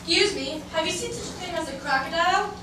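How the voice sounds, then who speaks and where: Older woman as a polite curious young elephant, high voice, pleading, far-off echoey hall, background noise. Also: quick pace, bright, forceful tone. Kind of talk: amateur stage musical.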